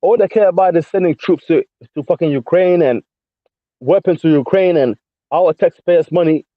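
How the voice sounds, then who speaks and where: A man with a London accent rants into a voice chat and keeps circling back to the same points. His voice sits a little high, and he throws mate and bro into nearly every line. The sound is dry and dull, like a lo-fi chat line. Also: moderate pace, no room sound. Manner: combative, repetitive, peppers speech with mate and bro. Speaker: caller in a voice chat. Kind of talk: ranting casual chat.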